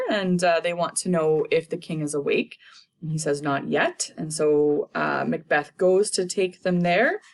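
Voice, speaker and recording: A young woman teacher casually summarizing a play for students, paraphrasing the characters in modern slang. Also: low voice.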